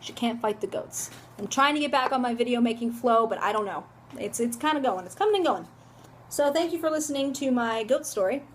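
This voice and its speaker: High-voiced woman telling a dramatic story. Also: fairly quick, slight background noise. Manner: dramatic, animated, shrieks when reenacting. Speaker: vlogger. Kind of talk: casual storytelling vlog. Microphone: phone camera.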